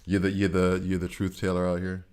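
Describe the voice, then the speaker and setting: A man's voice: low voice, completely flat delivery, a little fast, darkish tone, clean tone. A middle-aged man chatting casually on a game live stream, teasing his chat and reacting to gameplay. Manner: chatty, teasing chat readers, talks to viewers while playing. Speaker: gaming streamer.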